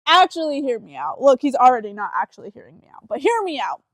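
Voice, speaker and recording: A woman's voice: sits high, very animated, fast, a bit bright. A young woman co-hosting a casual podcast with her brother, telling stories in a playful, dramatic way. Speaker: podcast co-host. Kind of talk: casual chat.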